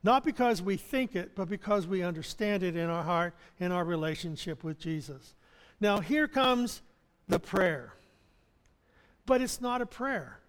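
High-voiced male preacher in reverberant hall. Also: lively intonation, measured pace, clear, resonant tone. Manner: conversational preaching with chuckles and restarts. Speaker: pastor. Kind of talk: sermon.

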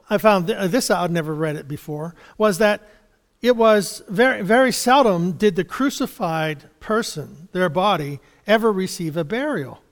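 A man preaching a conversational sermon, reading scripture and explaining it in a halting, chuckling way. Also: high voice, in a large hall. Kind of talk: sermon Bible study.

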